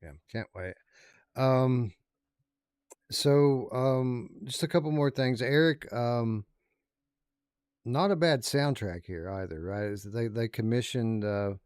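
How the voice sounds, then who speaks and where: A man's voice: medium pitch, darkish tone, clean tone, no room sound. A man co-hosting a podcast, chatting casually through a game review and stopping to restart his sentences. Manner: halting, with many fillers and restarts. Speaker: podcast co-host.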